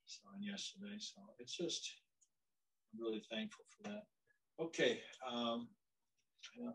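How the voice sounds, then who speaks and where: A man's voice: on the high side, very animated, measured pace, far from the mic, poor audio. Older man teaching a church counseling class. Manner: warm conversational storytelling with many restarts.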